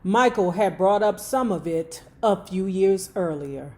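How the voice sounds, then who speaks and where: Slow-reading woman with blunt asides. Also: medium pitch, lively intonation, mellow. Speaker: storyteller reading a memoir aloud. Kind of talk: book reading with casual commentary.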